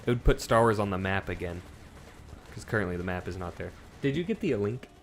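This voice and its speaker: A man co-hosts a laid-back gaming livestream, spinning deadpan absurd jokes. His pitch moves a lot, and he sounds lively and expressive. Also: a little fast, soft background music. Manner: joking, deadpan absurd bits. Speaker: livestream co-host. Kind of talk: casual gaming livestream chat.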